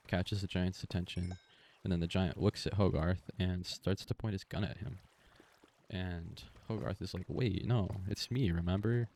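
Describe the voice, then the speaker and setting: A man with a very low voice talks through a film's story while he plays a game. His delivery stays flat and monotone, loose and full of little fillers, and he sits close to the microphone. Faint noise hums in the background. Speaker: gaming video creator. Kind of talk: casual monotone movie retelling over gameplay. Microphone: close desktop microphone.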